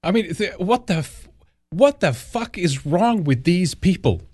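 A man's voice: high voice, expressive, measured pace, a little mellow, dry recording, studio quality. A man hosting a news commentary podcast, talking in a rambling, indignant way and swearing often. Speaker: podcast host.

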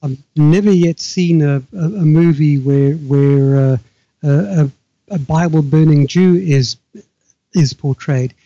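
An older man from Africa, speaking as a guest author in a halting, measured way with frequent restarts. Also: on the high side, mellow, no echo, highs cut off. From South Africa. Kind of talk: remote interview conversation.

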